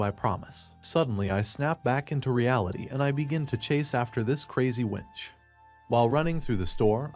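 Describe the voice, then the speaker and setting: A man narrating a first-person story in a plain, steady way. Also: mid-range voice.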